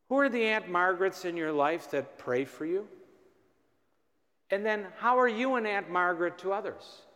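A priest preaches to his parish in a folksy, storytelling way and slips in gentle humor. His voice sits a little high for a man. The sound rings out with the long reverb of a church. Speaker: priest leading a parish mission. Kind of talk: sermon.

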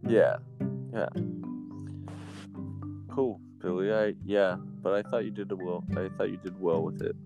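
A man's voice: sits low, steady tone, measured pace, gravelly, long pauses, over music. A man chatting casually about voice acting, using many fillers, and also reading a novel aloud. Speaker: amateur voice actor.

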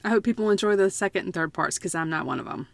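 A woman's voice: mid-range voice, fast, creaky, dry recording. A woman talking bluntly and emphatically in a casual book chat, often repeating herself to make a point.

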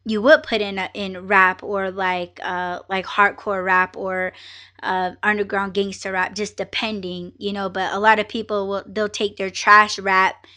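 A woman hosting a podcast, telling a story in a casual, animated and profane way, with many fillers and acted-out exchanges. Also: mid-range voice, a little slow. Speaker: podcast host.

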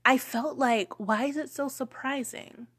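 A woman's voice: high-pitched, unhurried, a bit bright, slightly rough. A young woman from Charleston, South Carolina, with a light Geechee accent, telling her story casually with many fillers and repeated lines. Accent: light Gullah Geechee, Lowcountry South Carolina. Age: young adult.

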